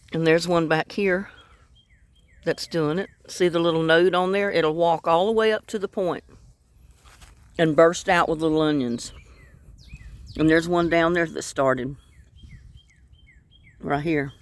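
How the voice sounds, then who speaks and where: A woman's voice: fairly low pitch, dry recording. A woman chatting casually in a home cooking and gardening vlog, savoring her food with little murmurs.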